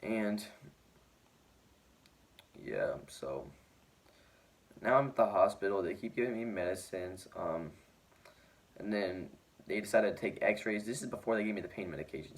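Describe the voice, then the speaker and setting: A teenage boy vlogging, telling his story in a rambling way with lots of "like" fillers, sounding injured and shaken. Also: deep voice. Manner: rambling, heavy use of "like" fillers. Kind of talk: casual storytelling to camera.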